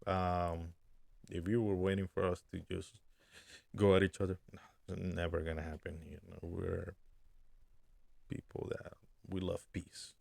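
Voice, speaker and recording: Man, podcast co-host, casual rambling chat, gravelly voice, dry close sound. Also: low voice, flat delivery, unhurried, pauses often, darkish tone, no room sound. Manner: laid-back, rambling, mixes in Spanish words.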